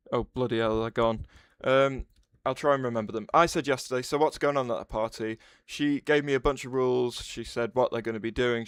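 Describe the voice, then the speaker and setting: A man's voice: mid-range voice, fairly bright tone, clean tone, no room sound. A man hosting a casual livestream, rambling, restarting his sentences and answering chat messages aloud.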